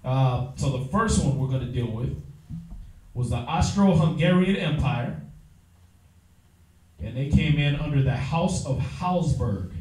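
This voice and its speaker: A man's voice: mid-range voice, lively intonation, unhurried, long pauses, a little mellow. A man teaching a Bible class, lecturing emphatically with lots of fillers and restarts. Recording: echoey room, mic far off.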